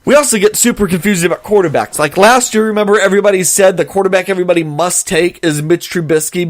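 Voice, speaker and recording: A man with a high voice hosting a sports podcast, talking with emphatic sarcasm and mocking other people's opinions. His voice is recorded dry and close, with no room sound. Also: racing, hardly any pauses, no echo. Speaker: podcast host. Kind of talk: opinionated sports talk monologue.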